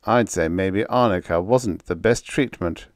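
A man voicing an easygoing, dependable old male spaceman in a storybook reading, with a relaxed, matter-of-fact delivery. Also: sits low, a little slow, no room sound, studio quality.

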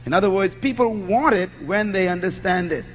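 Male preacher, high voice, rhetorical questions answered aloud, scripture reading, long hall reverb. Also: brisk, lo-fi sound, slight background noise. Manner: teaching sermon, poses questions and answers them himself; reads scripture aloud and explains it. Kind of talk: sermon.

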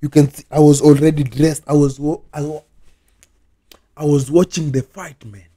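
A man records a repetitive ranting vlog reaction, sounding exasperated and saying the same phrases over and over. His voice is on the high side, mellow and steady, at a normal speed.

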